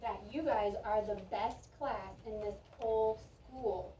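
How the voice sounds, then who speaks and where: A woman teaching a reading lesson to a young class, speaking slowly and clearly and praising the children's answers. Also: medium pitch, fairly even intonation, dark tone, a little hiss or hum. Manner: slow, clear, encouraging teacher talk with drawn-out words. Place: school classroom. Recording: echoey, distant, dull classroom recording.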